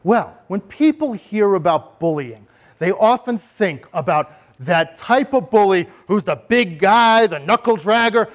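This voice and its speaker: A man's voice: sits high, lively intonation, unhurried. A man giving a talk on bullying prevention to parents, animatedly speaking in the first person as a bully. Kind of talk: lecture with role-play.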